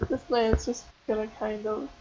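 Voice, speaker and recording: A woman's voice: a little high, level tone, normal speed, mellow, highs cut off, a little hiss or hum. A young woman narrating as game master for a tabletop game, hesitant and full of ums and restarts.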